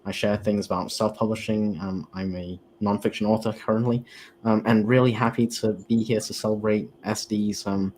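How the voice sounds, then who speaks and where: A man on a video call, introducing himself in a relaxed, casual way with many fillers. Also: on the low side, normal speed, a little hiss or hum. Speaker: panel guest. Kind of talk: casual chat.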